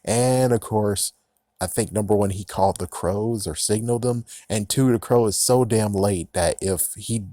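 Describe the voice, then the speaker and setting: A man's voice: on the low side, moderate pace, mellow, no room sound, clean studio sound. A man casually recapping and reviewing a TV episode, sarcastic and profane, often breaking into laughs.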